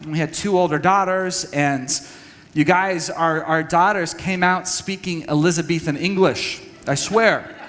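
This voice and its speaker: A man from Texas tells his family's story to a church audience in a candid, self-deprecating way, full of fillers and restarts. His voice sits a little high. The sound carries the long reverb of a large hall. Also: unhurried, fairly bright tone. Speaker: speaker at a church parenting session. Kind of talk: personal talk to an audience.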